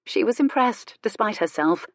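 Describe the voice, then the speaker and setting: Measured woman narrating an audiobook. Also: medium pitch, no echo, clean studio sound. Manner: measured, expressive storytelling. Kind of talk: scripted narration.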